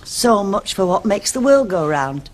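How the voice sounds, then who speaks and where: A woman's voice: mid-range voice, sing-song, unhurried. An actress playing a wry, worldly neighbour in a soap opera. She talks in a chatty, teasing way.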